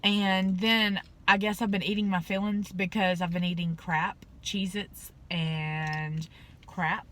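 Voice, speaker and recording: A woman's voice: on the low side, slow pace, slight background noise. A young woman, telling a story in a casual vlog and acting out the people in it, with plenty of fillers. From Southern US. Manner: animated, acts out quoted dialogue, chatty with fillers. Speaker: vlogger.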